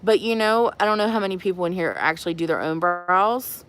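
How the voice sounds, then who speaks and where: A woman's voice: on the low side, lively intonation, a little fast, a bit bright. Giggly woman chatting on a makeup livestream. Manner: chatty and giggly, reads and answers the chat. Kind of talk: casual live-stream chat with viewers.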